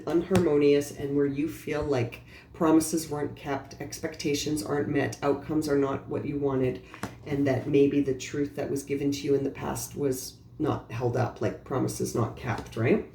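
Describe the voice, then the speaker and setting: Speaking straight to the listener, a tarot reader offers a sincere, comforting reading in a relaxed way. Her voice is low and dark, captured with roomy reverberation and a bit of background noise.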